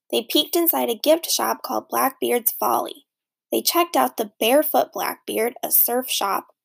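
Woman, children's story narrator, expressive, gravelly, slightly high. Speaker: audiobook narrator.

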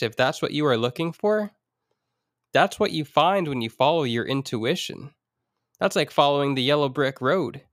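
A man's voice: a little high, no echo, studio quality. A man hosting his own podcast, talking alone in an earnest, reflective way with jokey asides. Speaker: podcast host. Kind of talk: solo motivational podcast talk.

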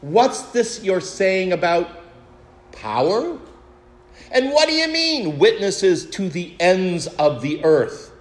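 A man's voice: high-pitched, big pitch swings, takes it slowly, voice pushed up, exaggerated voice. A man voicing a bold, exasperated fisherman disciple who pleads and fires off incredulous questions, in a roomy, echoey church.

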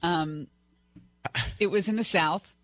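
A woman's voice: lowish voice, takes it slowly, no echo. A woman from California co-hosting a talk radio show, telling stories in a chatty, giggly way. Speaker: radio co-host. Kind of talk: casual talk radio banter.

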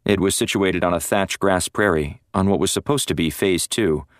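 A man's voice: sits low, moderate pace, dry recording. A man narrating a first-person novel as an audiobook in a dry, wry storytelling manner. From North Florida.

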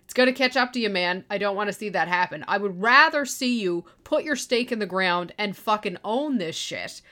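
A woman's voice: on the high side, pushed and bright. A middle-aged woman hosting a solo show, delivering a blunt, profane rant about people who make excuses and don't deliver. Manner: blunt, exasperated, swears freely, mocks excuses in a whiny voice. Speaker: podcast host and online course business owner. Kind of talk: profane ranting monologue.

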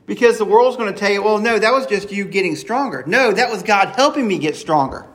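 A man with a notably high voice delivers an earnest sermon. He keeps it conversational and slips into sample prayers as if talking straight to God. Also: fairly quick, a bit bright. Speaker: preacher.

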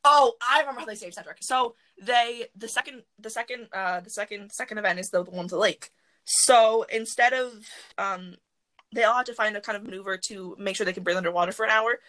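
A woman hosting a podcast from her closet, chatting casually and rambling excitedly with lots of fillers. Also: mid-range voice, fairly quick, low-quality recording. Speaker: podcast host. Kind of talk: casual chat.

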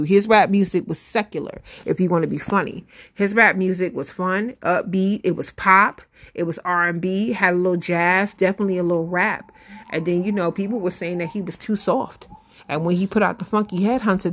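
A middle-aged woman hosting her own show, chatting casually and animatedly, laughing often and talking straight to her listeners. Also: fairly low pitch. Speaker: podcast host. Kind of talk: casual solo commentary.

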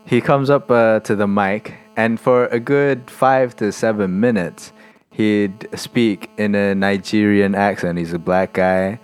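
Low, smooth-voiced Malaysian man. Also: fairly even intonation, a little slow, soft background music. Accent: Malaysian English. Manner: hesitant, mixes in Malay words and "lah". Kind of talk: casual chat.

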